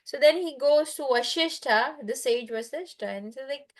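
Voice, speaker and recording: A woman's voice: on the high side, normal speed, few pauses. A woman casually telling a story to a child over a video call, chatty and full of fillers, stopping to quiz her listener.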